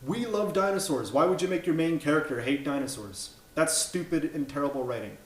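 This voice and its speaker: A man's voice: on the high side, fairly quick. A man in his thirties giving an opinionated movie review rant, blunt and exasperated, swearing and tripping over his words. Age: 30s. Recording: echoey room.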